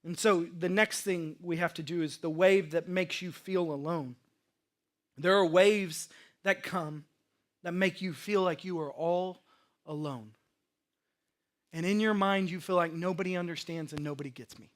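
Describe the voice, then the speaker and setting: A male pastor preaching a sermon to a congregation, animated, acting out panicked inner voices and swinging between loud emphasis and soft lows. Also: a little slow, pauses often. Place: church sanctuary.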